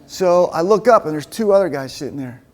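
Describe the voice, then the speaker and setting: A man with a fairly high voice preaches to a men's group in an easy, conversational way. He tells stories from his own life and plays out the back-and-forth of each conversation. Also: lively intonation, a little fast. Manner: conversational, acts out dialogue in stories. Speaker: men's ministry speaker. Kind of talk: sermon told through personal stories.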